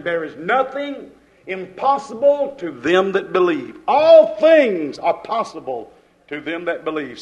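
A man's voice: high voice, rough recording. A man preaching a sermon, repeating phrases with rising and falling emphasis.

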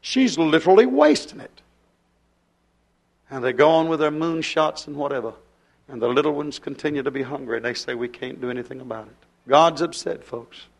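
Preacher guy, gravelly voice, a bit high, acts out little dialogues then drops to a hush. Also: lively intonation, fairly quick. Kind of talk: fiery revival sermon.

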